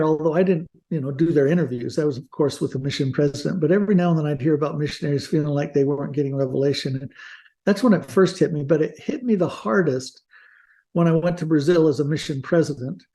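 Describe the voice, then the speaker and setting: A man's voice: fairly high pitch, dark tone. An older man talking as an interview guest, earnest and reflective, with small restarts. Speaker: guest author. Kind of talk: casual interview talk.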